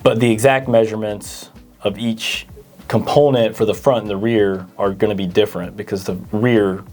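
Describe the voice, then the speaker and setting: A man's voice: fairly low pitch, steady tone, normal speed, a little mellow, faint music behind. A man co-hosting a parts store Q&A, reading viewer questions and often stammering through fillers. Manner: hesitant, stammering with many fillers. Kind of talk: casual Q&A chat.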